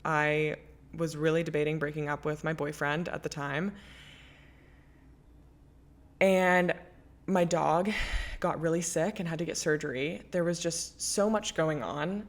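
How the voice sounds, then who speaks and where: A young woman with a low-pitched voice hosts her own podcast, talking through listener letters. She speaks candidly and emphatically, swearing freely in a loose, chatty way. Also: unhurried. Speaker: podcast host. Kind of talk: casual chat, reading listener letters.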